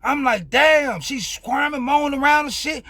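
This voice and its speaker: Animated, high-voiced man telling a story. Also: moderate pace, no echo. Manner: animated, profane, loose street slang. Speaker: vlogger. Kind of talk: casual storytelling.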